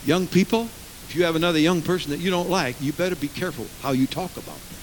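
A man preaching a sermon in church as pastor, emphatic, with rhetorical questions to the congregation and big swings in pitch and volume. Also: fast talker, a little hiss or hum, low-quality recording.

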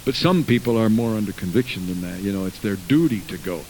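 A man's voice: fairly low pitch, animated, quick pace, a little mellow, slight background noise, poor audio. A man preaching a fervent sermon to his congregation in a church, with many asides and restarts. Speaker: pastor. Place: church sanctuary.

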